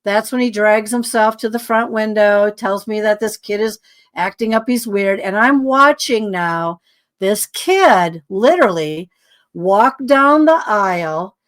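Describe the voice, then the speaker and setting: A woman, a podcast guest, telling a long story in a rambling, animated way with many asides. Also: medium pitch, a little slow.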